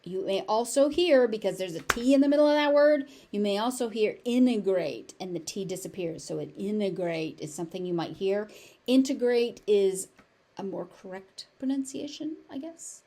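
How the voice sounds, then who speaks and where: A woman with a General American accent teaching pronunciation, repeating each word slowly and enunciating clearly. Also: medium pitch, lively intonation, dark tone. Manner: slow, deliberate, exaggerated enunciation of each word. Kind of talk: pronunciation lesson, slow drilled word repetition.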